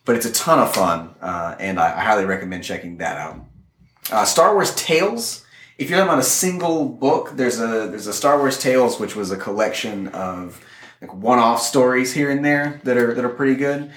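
A man co-hosting a podcast, explaining things in a measured, knowledgeable way during casual chat. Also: mid-range voice, lively intonation, a bit bright. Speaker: podcast co-host. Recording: echoey room.

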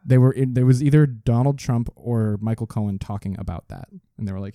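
Dark-voiced ranting man. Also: lowish voice, little pitch movement, fairly quick, hardly any pauses, no echo, clean studio sound. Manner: profane, ranting, laughs often. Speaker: podcast co-host. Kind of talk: casual podcast chat.

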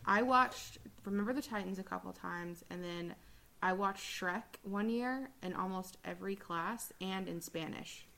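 A woman co-hosting a podcast in casual chat, relaxed and earnest and quick to laugh. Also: medium pitch, creaky, poor audio.

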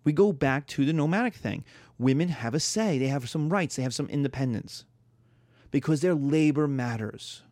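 A man teaching a history class in a lecture style, telling lively stories and acting out little scenes. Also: fairly high pitch, moderate pace, no room sound. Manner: animated storytelling, acts out quarrels in voices.

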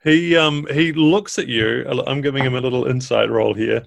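A man narrating as game master of a tabletop game, relaxed with fillers. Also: medium pitch, normal speed, creaky, dry recording.

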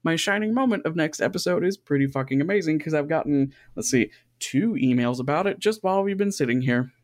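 A man's voice: on the high side, lively intonation, brisk, no room sound, clean studio sound. A man co-hosting a podcast in casual chat, frank and joking with some swearing. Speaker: podcast co-host.

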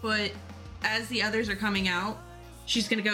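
A woman's voice: medium pitch, flat delivery, normal speed, pushed and bright, faint music behind. A woman playing in a tabletop game, describing what her character does. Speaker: player.

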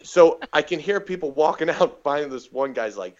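A man's voice: fairly high pitch, normal speed, highs cut off. A man, a comedian, telling stories in a casual podcast chat and acting out the people he quotes. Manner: animated storyteller doing quoted voices. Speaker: guest comedian. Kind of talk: casual storytelling.

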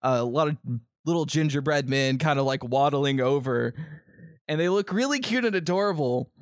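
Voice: medium pitch, expressive, normal speed, no echo, studio quality. A game master casually narrating a tabletop game, rambling and laughing often.

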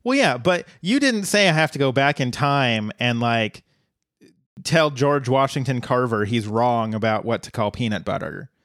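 A man's voice: mid-range voice, lively intonation, normal speed, a bit bright, no room sound, clean studio sound. A man co-hosting a casual podcast chat, joking and playfully mocking. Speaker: podcast co-host.

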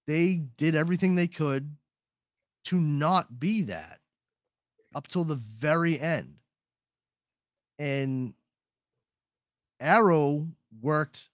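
In a clean, dry studio recording, a man with a fairly high-pitched voice hosts a podcast. His casual talk is animated, rambling and full of profanity.

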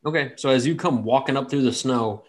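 A man's voice: medium pitch, a little fast. A man narrating a tabletop game as game master in a casual, rambling way with many fillers.

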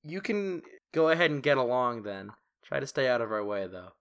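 Voiced by a game master, a curt male lieutenant who talks in short, clipped, dismissive lines. The pitch moves around a lot. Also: big pitch swings, a little fast, a bit bright, smooth.

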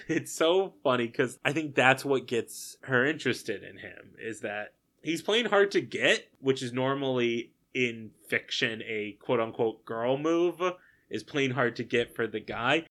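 Bright-voiced man recapping a movie. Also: medium pitch, unhurried. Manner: animated, incredulous, swears casually. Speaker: podcast co-host. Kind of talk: casual movie recap chat.

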